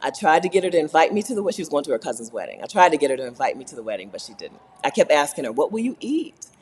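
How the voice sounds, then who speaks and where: An American woman chatting casually on a livestream vlog, animated and laughing, often tagging her points with "right?". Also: sits low, rapid-fire, husky, big-room sound. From United States. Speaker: vlogger.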